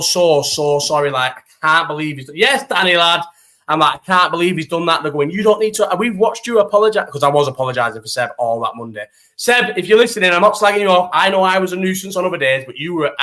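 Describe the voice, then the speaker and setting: Young guy on a live chat, bright voice, sweary and animated, a bit high. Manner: animated storytelling, heavy swearing, slang. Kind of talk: casual live-stream chat.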